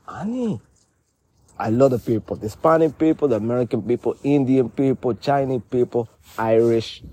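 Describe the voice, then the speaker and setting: A man doing a brash, streetwise loudmouth with a Spanish-inflected accent, swinging wildly up and down in pitch as he rambles. The voice has a husky edge, and he calls everyone honey in a comedy sketch. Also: animated, moderate pace, close to an everyday voice. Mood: boastful. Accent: Spanish-inflected English. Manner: rambling, streetwise slang, theatrical outbursts.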